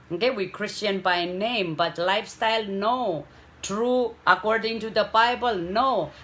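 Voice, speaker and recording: A woman preaches. She takes her time, pressing on key words and pausing to check in with her listeners. Her delivery is unhurried and earnest. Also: fairly low pitch, fairly bright tone. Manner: slow, emphatic preaching with frequent "okay?" checks. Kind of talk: sermon.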